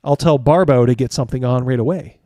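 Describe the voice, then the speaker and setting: A man's voice: medium pitch, fast talker, mellow, dry recording, studio quality, natural voice. A man voicing a motherly, fussing female innkeeper who keeps offering food and a seat. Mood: hospitable. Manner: fussing, hospitable.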